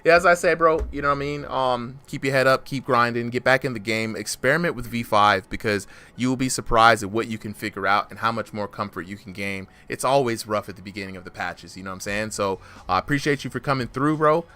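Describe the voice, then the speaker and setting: Bright, energetic stream host man. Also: medium pitch, a little fast, hardly any pauses, clean tone. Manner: energetic, slangy, says "bro" a lot. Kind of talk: casual stream interview.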